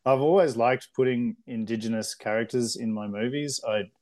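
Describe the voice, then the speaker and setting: A man with an Australian accent, a film director telling lively stories in a casual interview and acting out other people's voices. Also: medium pitch, moderate pace. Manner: animated storyteller, acts out voices, many fillers.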